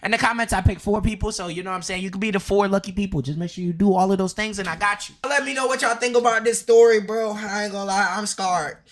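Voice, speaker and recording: A man's voice: sits high, quick pace, few pauses. A man hosting a reaction video, talking in a blunt, incredulous, joking way. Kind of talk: casual reaction commentary.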